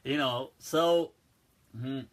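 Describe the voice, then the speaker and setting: A man's voice: mid-range voice, drawn-out words. A man talking casually on a livestream Q&A, joking, laughing often and speaking straight to his viewers. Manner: chatty and joking, laughs often, says "right" and "people". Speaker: Islamic scholar answering questions.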